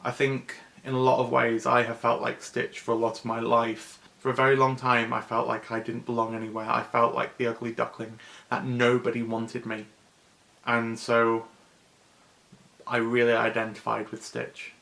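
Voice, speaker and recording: A man's voice: medium pitch, completely flat delivery, normal speed, creaky, pushed and bright. Emotional man retelling a favourite film. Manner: enthusiastic, emotional, personal. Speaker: vlogger.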